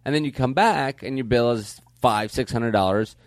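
A man's voice: medium pitch, moderate pace, dry recording. A man telling a rambling comic story in casual chat, restarting often and acting out the exchanges.

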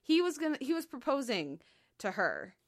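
A woman's voice: high-pitched, very animated, moderate pace. Chatty analytical woman podcast host. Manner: analytical, many fillers, laughs. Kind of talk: casual chat.

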